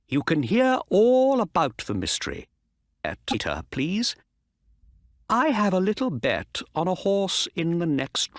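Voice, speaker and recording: A calm, clever detective, as a man puts him on, explaining in a raised voice with lively swings. The pace is very slow and the sound is close and dry. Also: on the high side, no echo, voice pushed up, exaggerated voice. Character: calm clever male detective, middle-aged.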